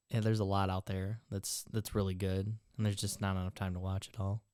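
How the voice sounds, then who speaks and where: An easygoing young woman with an extremely deep voice chats on a podcast. Her voice sounds close and dry, with no room around it, and she laughs often while quoting imagined reactions. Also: a little mellow, clear, resonant tone, no echo. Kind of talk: casual podcast chat.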